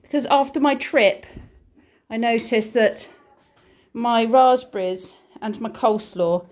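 In her kitchen and playroom, a British vlogger in middle age coaxes small children in a sing-song manner and chats about her day. Her slightly high voice is a little mellow, and she takes her time.

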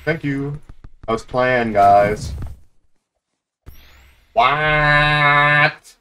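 An excitable male gamer narrating his own match with a very lively, swooping voice that leaps into high squeals and drops into low grumbling rants. He trash-talks opponents and swears constantly, yet his overall pace stays slow and drawn out. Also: a little hiss or hum. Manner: sudden high-pitched yelps and squeals; grumbling, ranting complaints. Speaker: gaming YouTuber. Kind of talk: live gameplay commentary.

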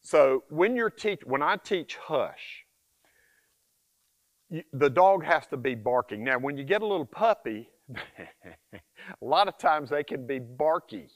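A man in his sixties, a dog trainer, explaining hush training in a folksy, repetitive way and giving his dog firm commands. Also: a little high, lively intonation, unhurried, long pauses. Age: 60s. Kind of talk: casual instructional vlog.

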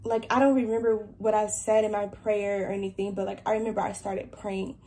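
A woman's voice: mid-range voice, flat delivery, a little fast, warm tone, slight background noise. A young adult woman earnestly telling a personal testimony, filling her speech with "like". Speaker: believer sharing a testimony.

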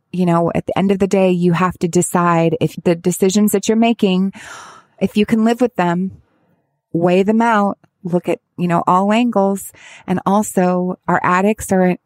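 A woman speaking as a parent of a child with addiction, giving candid advice in a halting, heartfelt way with many restarts. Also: fairly low pitch, a little mellow, dry recording. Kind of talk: candid personal advice talk.

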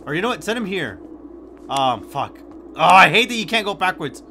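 A young man giving gameplay commentary, swinging from hushed muttering to loud, sweary shouting. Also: high-pitched, very animated, normal speed, slight background noise. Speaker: gaming YouTuber.

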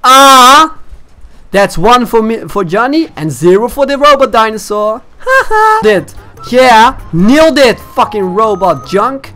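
A young man commentating his gameplay, excitable, shouting and swearing at the game. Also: sits high, unhurried, soft background music. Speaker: gaming channel host.

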